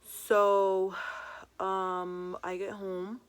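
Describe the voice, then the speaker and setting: A woman's voice: medium pitch, little pitch movement, drawn-out words, clear, resonant tone, no room sound. A young woman vlogger telling a personal story in a casual storytime, full of "um" and "like". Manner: chatty, many fillers like "um" and "like".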